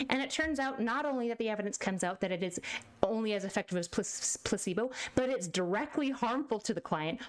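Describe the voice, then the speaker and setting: A woman from Canada streaming, talking in a rambling, animated way with casual swearing. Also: fairly high pitch. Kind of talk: casual chat.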